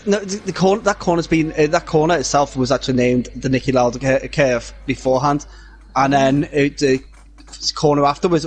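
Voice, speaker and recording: A man's voice: medium pitch, darkish tone. A man co-commentating a live online racing league, giving trivia and correcting his partner.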